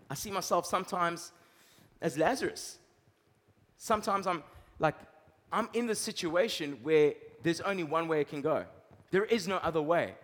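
A man pastor preaching a sermon, swinging between loud emphasis and low, quiet lines. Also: in a large hall.

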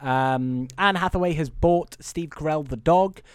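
A man's voice: a little high, a little slow, clean tone, dry recording. Rambling man recapping a movie. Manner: rambling, filler-heavy, acts out quotes. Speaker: podcast co-host. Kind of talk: casual movie recap chat. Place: home room. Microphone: video call.

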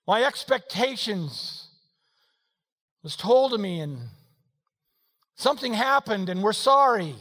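High-voiced preacher in a reverberant hall. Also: male voice, takes it slowly, pauses often. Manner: animated storytelling, swinging between quiet and loud. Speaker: pastor. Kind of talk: sermon.

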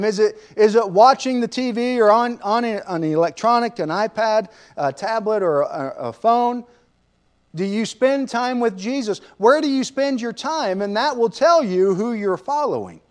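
A man's voice: high-pitched, lively intonation, moderate pace. A man teaching a sermon lesson in a conversational way, asking his listeners rhetorical questions. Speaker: preacher.

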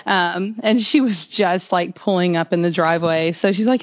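Here a woman speaking at normal speed, her voice on the low side, shares a lengthy personal story during an interview. Her telling is chatty and meandering, packed with "like," and the audio sounds a little dull and lo-fi.

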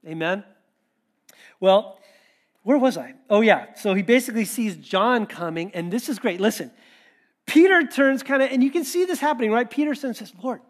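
A man with a notably high-pitched voice delivers a sermon. He talks in a relaxed, conversational way, often breaking into lively quoted asides. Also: moderate pace. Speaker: pastor.

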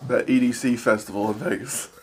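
A man from Arkansas, co-hosting a podcast in a relaxed, easygoing way, often pausing on fillers. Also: medium pitch, slight background noise. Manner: relaxed, easygoing, quick to laugh, hesitant fillers. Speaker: podcast co-host. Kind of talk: casual chat.

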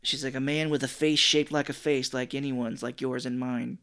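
A man co-hosts a laid-back film podcast, recapping scenes in loose, profane chat. When he quotes people he slips into quick put-on voices. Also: mid-range voice, level tone, a bit bright, clean tone. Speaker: podcast co-host. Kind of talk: casual chat.

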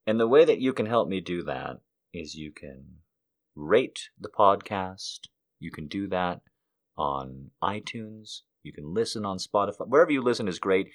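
A man's voice: sits low, expressive, normal speed. A man hosting a podcast, delivering a rambling, profane comedic monologue. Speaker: podcast host.

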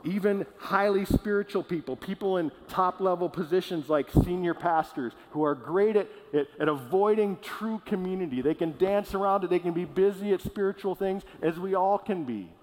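A man preaching a sermon as pastor, earnest and emphatic, slowing down to stress key words and sometimes restarting a phrase. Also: sits high, darkish tone. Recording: long reverb of a large hall.

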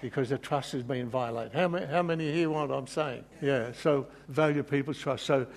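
A man's voice: mid-range voice, normal speed, gravelly. A man preaching a sermon in an earnest, emotional way, rambling and restarting as he goes. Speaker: pastor.

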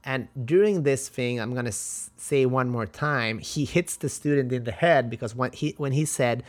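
A man's voice: medium pitch, moderate pace. A man from Sweden with a Swedish accent, telling a travel story as a podcast host in a chatty, motivational way with frequent restarts. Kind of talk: casual storytelling monologue.

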